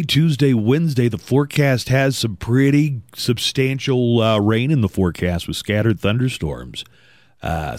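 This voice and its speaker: A man's voice: fairly low pitch, no room sound, studio quality. A man from East Texas hosting a morning radio show, easygoing and chatty, with loose fillers between forecasts and segments. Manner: easygoing, laughs often, drawn-out fillers. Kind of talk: casual morning radio chat.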